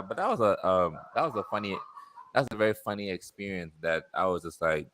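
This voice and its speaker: A man casually telling an animated story about a delivery, laughing and swearing as he goes. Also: low voice, a little fast, no echo. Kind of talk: casual chat.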